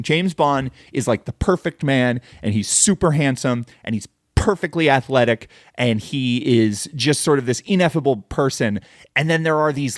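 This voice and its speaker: A man's voice: mid-range voice, no echo, clean studio sound. A man hosting a podcast, talking through a film in a rambling, casual monologue and cursing freely. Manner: rambling and conversational, swears freely, says "like" often. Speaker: podcast host.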